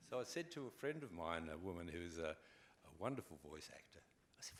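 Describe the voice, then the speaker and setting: Speaking fairly quickly in a deep voice, this older actor with an Australian accent spins wry tales for a convention panel audience. His delivery is animated and relaxed, and he performs the anecdotes as he goes, over slight background noise.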